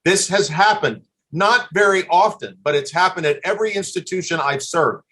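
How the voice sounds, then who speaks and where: A man's voice: high-pitched, lively intonation, moderate pace, bright, forceful tone. An older man from the USA giving earnest admissions advice in a live webinar, stopping and restarting often. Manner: earnest advice with frequent restarts and repeated words.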